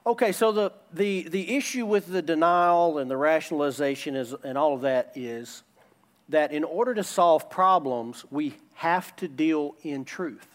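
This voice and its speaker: A man's voice: a little high, a little slow. A man preaching a sermon as a pastor, emphatic and returning again and again to his key phrases.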